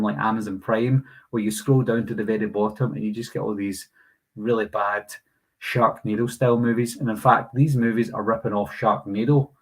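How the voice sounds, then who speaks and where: A man's voice: medium pitch, darkish tone, poor audio. A British man in his thirties hosting a live Q&A stream, reading viewer comments and chatting casually. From United Kingdom. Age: 30s. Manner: chatty, reads viewer comments aloud and answers them.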